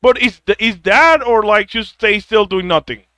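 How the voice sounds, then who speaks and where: A man's voice: high-pitched, steady tone, moderate pace, pushed and bright, no echo. A man ranting bluntly with a lot of profanity, stumbling over repeated words as he gives harsh life advice. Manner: mocks others in put-on whiny quotes. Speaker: vlogger giving advice. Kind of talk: ranting monologue.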